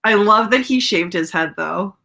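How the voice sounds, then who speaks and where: A young woman hosting a casual movie watchalong who swears freely, laughs often and reacts loudly to the film. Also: medium pitch, normal speed, gravelly.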